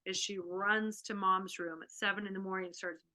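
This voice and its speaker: A woman hosting an online workshop, telling a family story in a lively way over a video call. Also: mid-range voice, normal speed. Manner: animated, acts out a child's panic. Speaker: workshop host.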